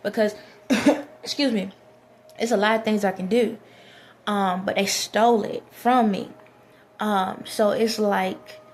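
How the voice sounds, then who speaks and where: A woman vlogger talking straight to camera in a loose, rambling monologue. Her voice sits at an ordinary middle pitch, and she circles back over the same phrases with fillers and restarts. A faint hum of room ambience runs underneath.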